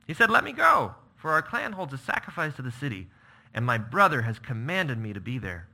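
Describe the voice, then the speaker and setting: A man voicing a young prince who pleads for his friend in a high, strained voice. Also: sing-song, a little fast, gravelly, bright, forceful tone, exaggerated voice. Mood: earnest.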